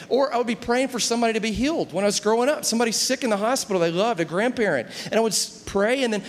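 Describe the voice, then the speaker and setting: In a large hall, a middle-aged pastor with a high-sitting voice talks fast with few pauses. He preaches conversationally, frequently asking listeners "do you see?"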